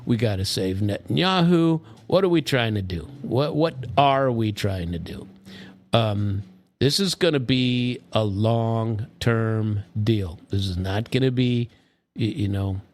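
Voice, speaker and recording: A man giving a casual, rambling commentary monologue, grumpy and sarcastic, with many restarts and fillers. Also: on the low side. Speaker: political commentator.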